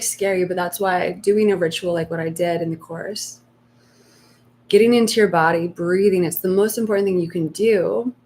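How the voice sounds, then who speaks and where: A woman giving spiritual coaching on a live stream, speaking softly and slowly and sometimes voicing inner fears in a hushed tone. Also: mid-range voice, slight background noise. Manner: soft, slow and reflective, acting out inner voices in hushed tones. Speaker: meditation coach.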